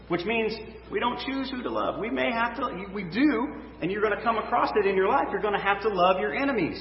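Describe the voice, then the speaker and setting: A man's voice: high voice, lively intonation, fairly quick, hardly any pauses. A male pastor preaching a sermon, reading scripture and then talking loosely to his congregation. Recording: echoey hall, dull sound, faint noise.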